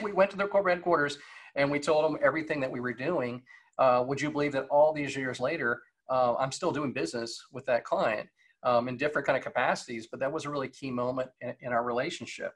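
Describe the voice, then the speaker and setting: A man's voice: medium pitch, fast talker, a bit bright. A man in his forties giving a casual motivational talk over a video call, conversational and full of fillers and rhetorical questions. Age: 40s. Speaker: guest speaker on leadership.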